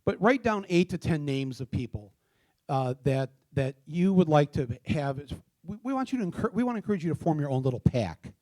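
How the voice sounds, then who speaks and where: Halting, casual man addressing a hall. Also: a little high, sing-song, darkish tone. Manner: casual, halting, many fillers and restarts; spells out addresses slowly letter by letter. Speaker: town hall host. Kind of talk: live town hall address. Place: theater stage before a live audience.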